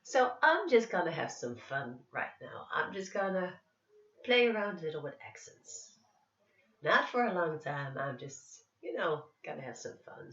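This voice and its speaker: A woman's voice: on the low side, very animated, normal speed, a bit bright. A woman vlogger with an American accent tinged with Dutch and English, chatting to camera in a blunt, playful way. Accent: American with Dutch and English traces. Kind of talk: casual chat to camera. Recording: echoey room, distant mic, dull sound.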